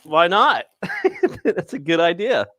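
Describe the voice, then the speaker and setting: A man's voice: high-pitched, sing-song, slow pace, bright, forceful tone, dry recording. A man hosting a casual cooking show, chatting about his food and laughing with friends.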